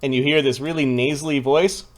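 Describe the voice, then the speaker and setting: A man's voice: medium pitch, steady tone, fairly quick. A man narrating a tabletop game as game master, casual and loose, often laughing.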